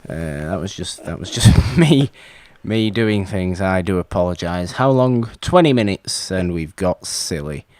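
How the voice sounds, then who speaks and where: A man co-hosting a podcast, chatting casually about old films in an animated way and stumbling over his words now and then. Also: low-pitched, a little slow, hardly any pauses. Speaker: podcast co-host.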